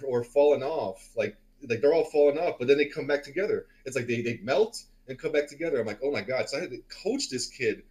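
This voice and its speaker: A man's voice: on the high side, rough recording. A man in his forties telling a long story on a podcast in a loose, rambling way, with lots of fillers and swearing. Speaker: podcast co-host. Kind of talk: casual storytelling.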